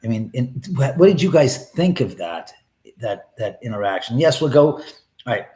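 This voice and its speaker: A man's voice: medium pitch, big pitch swings, moderate pace, dark tone. Rambling profane man, echoey room. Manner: rambling, profane, restarts often. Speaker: live stream host. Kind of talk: casual storytelling on a live stream. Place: his own home. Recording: roomy echo.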